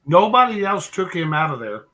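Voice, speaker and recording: A man's voice: high voice, big pitch swings, brisk, a loud crowd. A man hosting his channel's live open mic, chatting casually with guests. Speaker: channel host. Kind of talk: casual chat on a live stream call.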